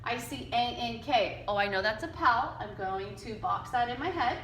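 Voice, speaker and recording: A woman teaching a phonics lesson to young children, slowly and patiently sounding out letters and word chunks for them to repeat. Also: fairly high pitch, animated, fairly bright tone, roomy sound, a little hiss or hum. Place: classroom with whiteboard.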